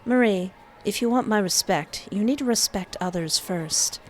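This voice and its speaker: A woman's voice: medium pitch, moderate pace, a little mellow, faint music behind, natural voice. A woman voicing a bold young female teacher who speaks in a teasing but firm way.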